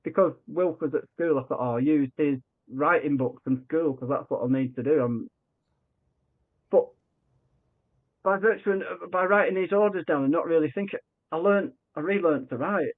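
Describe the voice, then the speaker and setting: A man telling a story on a narrow, tinny line that sounds like a phone call. His voice sits a little high for a man, and he acts out every quoted line with lots of restarts and false starts. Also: moderate pace. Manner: animated, acts out quoted dialogue, frequent restarts. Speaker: podcast guest. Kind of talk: conversational storytelling.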